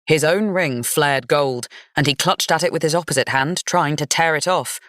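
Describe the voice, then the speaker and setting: A woman narrating a gothic fantasy romance audiobook in an even, measured storytelling manner. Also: deep voice, dry recording, studio quality.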